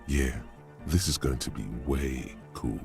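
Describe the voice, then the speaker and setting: An actor playing a wry male inner-voice narrator of a game, with a gravelly voice and dry, dramatic delivery. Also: very deep voice, unhurried, music in the background, heavily acted.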